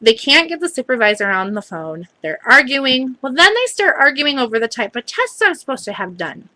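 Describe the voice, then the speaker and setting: A woman's voice: high-pitched, big pitch swings, a little fast, sharp tone, dry recording, low-quality recording. A woman vlogger casually recounting a story, chatty and hedging, often quoting what others said.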